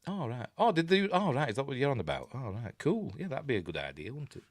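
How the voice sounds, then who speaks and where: A man's voice: medium pitch, big pitch swings, quick pace, dry recording, clean studio sound. A man with a Yorkshire accent hosting a casual livestream, rambling and chuckling as he answers viewer comments. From Yorkshire, England. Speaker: host of a film review livestream. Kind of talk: casual live-stream chat.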